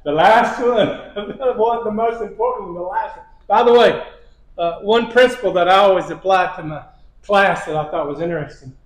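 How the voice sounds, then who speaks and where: Preacher, male, high-pitched, chuckling storyteller, roomy church sound. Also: moderate pace. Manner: storytelling with repeated phrases and chuckles. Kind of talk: sermon lesson. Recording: echoey church hall.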